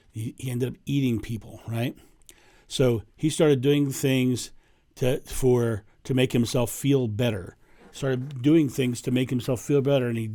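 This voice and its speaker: A man's voice: medium pitch, dark tone, dry recording, clean studio sound. A man, a spiritual teacher, talking casually and reflectively to camera, often restarting and repeating words. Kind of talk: casual spoken talk to camera.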